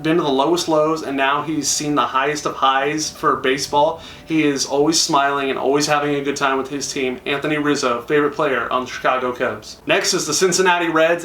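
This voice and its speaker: A man's voice: fairly high pitch, bright, forceful tone, distant mic, slight background noise. A young man chatting enthusiastically to camera, acting out quoted lines. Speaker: YouTuber. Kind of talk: casual talk to camera. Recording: echoey room, a little off-mic.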